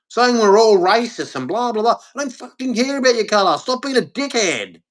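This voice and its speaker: A man's voice: very high-pitched, expressive, brisk, hardly any pauses. Blunt, profane Australian man ranting. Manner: blunt, angry and profane, with heavy emphasis. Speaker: vlogger. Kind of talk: ranting monologue to camera.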